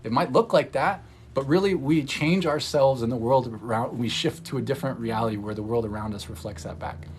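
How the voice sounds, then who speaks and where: A man, an energy healer, talking in a casual, rambling livestream chat, candid and excitable, swearing freely and laughing often. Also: medium pitch, fairly quick, slight background noise. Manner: loose rambling talk full of "like". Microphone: phone livestream.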